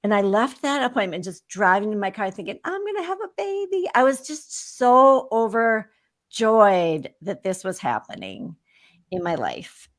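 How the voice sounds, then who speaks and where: Woman in her 50s, kinda low voice, chatty and animated, just telling her story straight up. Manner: animated, candid storyteller who acts out remembered exchanges. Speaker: guest. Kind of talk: casual interview storytelling.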